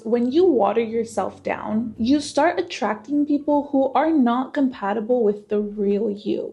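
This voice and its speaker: Young woman, slight lisp, highish voice, casual vlog host talking straight to camera. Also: gravelly, darkish tone. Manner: candid, chatty, swears casually. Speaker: self-improvement channel host.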